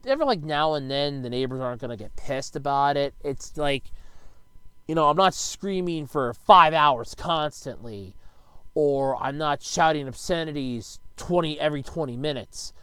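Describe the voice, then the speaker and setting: A man casually rambling in a home video, swearing freely and now and then bursting out loud, speaking close to a desk microphone in his bedroom. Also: fairly high pitch, lively intonation, normal speed, clear, resonant tone, dry recording. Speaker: YouTuber answering viewer questions.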